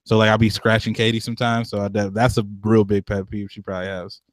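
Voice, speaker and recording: Young male podcast co-host, loose and slangy, pitch shooting up when worked up; dry, close recording. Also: fast talker, no echo. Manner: animated, slangy, swearing, jumps up in pitch when riled. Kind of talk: casual chat.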